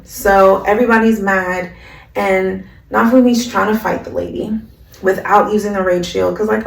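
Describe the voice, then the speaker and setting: Woman, anime recapper, chatty and slangy, gravelly voice, roomy distant mic. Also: medium pitch. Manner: slangy, rambling, full of "like" fillers.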